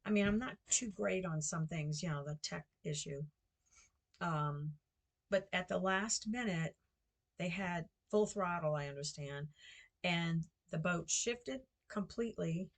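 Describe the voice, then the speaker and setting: An older American woman talks in a slow, unhurried drawl with a lowish voice. She rambles from one thing to the next at home, full of ums and self-corrections, like a casual vlog chat. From United States. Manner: chatty, meandering, self-correcting with many fillers. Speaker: vlogger and guesthouse host.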